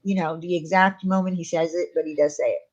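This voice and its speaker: A woman's voice: on the low side, steady tone, quick pace, dull audio. A chatty, playful woman co-hosting a casual livestream and welcoming viewers. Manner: chatty and playful, laughs easily. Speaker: livestream co-host.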